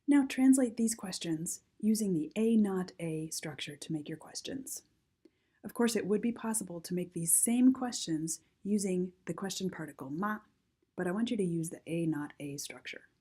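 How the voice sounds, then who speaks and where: A woman teaching a recorded Chinese grammar lesson, reading model sentences slowly and carefully for learners. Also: lowish voice, lively intonation, mellow, husky.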